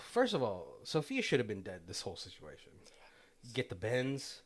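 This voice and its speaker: A man co-hosting a casual movie podcast, talking in a rambling, animated way and laughing often. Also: lowish voice, normal speed. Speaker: podcast co-host.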